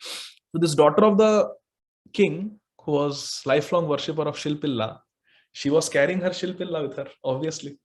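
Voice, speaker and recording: A man with an Indian English accent, a spiritual teacher telling a scripture story in an animated way, dropping Hindi phrases. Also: on the high side, moderate pace.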